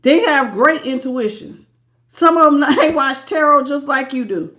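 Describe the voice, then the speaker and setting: A woman giving a live tarot reading, animated and preachy, often repeating herself and laughing between greetings. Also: high voice. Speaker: tarot reader.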